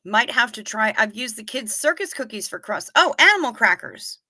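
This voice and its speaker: Chatty woman streamer with a bright voice. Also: fairly high pitch, no echo. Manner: chatty, reacting to comments with quick asides. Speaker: livestream host reading chat. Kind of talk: casual chat.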